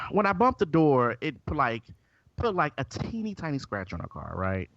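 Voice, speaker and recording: A man's voice: fairly high pitch, measured pace, no room sound, lo-fi sound. A man telling a story in a casual chat, swearing freely and acting out the people in it. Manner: animated, profane, acts out quoted people. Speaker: podcast host.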